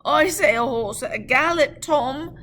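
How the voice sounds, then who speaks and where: A woman's voice: mid-range voice, animated, measured pace, a bit bright, voice pushed up. A woman voicing a wary male coach guard who roars commands and threats into the night. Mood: commanding.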